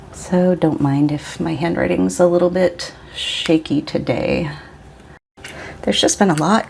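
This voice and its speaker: A woman in her forties talks through her new inks in a relaxed, rambling way and sometimes cuts herself off mid-thought. Her voice sits a little low and has a gravelly edge, and she never rushes. A faint hiss runs under the recording. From Pacific Northwest of the US. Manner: chatty, rambling, self-interrupting. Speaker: vlogger. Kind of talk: casual chat while swatching inks.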